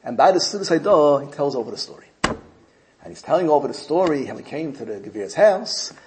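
A man's voice: a little high, a little fast, noisy background. A man telling a story to a group, repeating phrases as he goes. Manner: animated, repeats phrases, acts out quotes.

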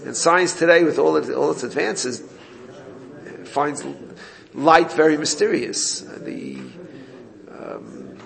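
Gravelly man teaching a Torah class. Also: medium pitch, fairly bright tone. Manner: explanatory, reads Hebrew text then translates.

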